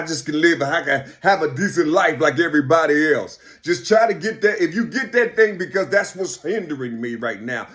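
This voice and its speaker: Man rambling, swinging loud to quiet. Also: medium pitch. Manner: repetitive, keeps saying "you see". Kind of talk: rambling spoken monologue.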